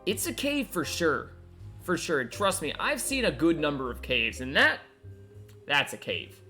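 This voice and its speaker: Guy from north carolina streaming a game, jokey and laughy, bright lively voice. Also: on the high side, a little slow, faint music behind. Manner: joking, laughs often, animated. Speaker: streamer playing a detective game. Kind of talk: casual gameplay commentary.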